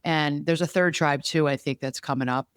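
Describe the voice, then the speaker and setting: A man's voice: on the high side, fairly even intonation, normal speed, fairly bright tone, clear, resonant tone, no room sound, studio quality. A man co-hosting a casual conversational chat, earnest and rambling, often restarting his sentences. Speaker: podcast co-host.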